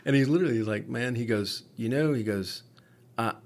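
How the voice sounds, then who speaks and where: Brisk and darkish in tone, this mid-range male voice belongs to a paramedic co-hosting a podcast. His storytelling is casual and profane, with lots of false starts.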